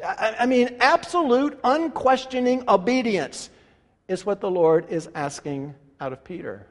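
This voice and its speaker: Pastor guy, pretty high voice, preaching big and animated, long echo in the church hall. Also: a little slow. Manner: animated, rhetorical questions, swings from loud to hushed. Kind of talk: sermon. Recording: long reverb of a large hall.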